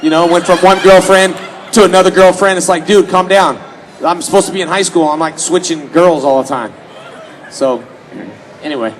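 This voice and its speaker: A man's voice: high-pitched, normal speed, a little hiss or hum, low-quality recording. A man from Houston, around his late thirties, telling joking stories to fans as a convention panel guest, often slipping into mock voices. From Houston, Texas, US. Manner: joking, animated, slips into mock voices for quotes. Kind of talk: casual storytelling to a fan audience.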